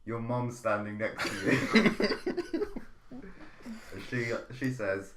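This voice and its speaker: A man's voice: medium pitch, big pitch swings, a bit bright, roomy sound, a little hiss or hum. A man co-hosting a comedy podcast, telling rambling setups with frequent laughs. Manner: slow, rambling, laughs often. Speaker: podcast co-host. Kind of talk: casual chat.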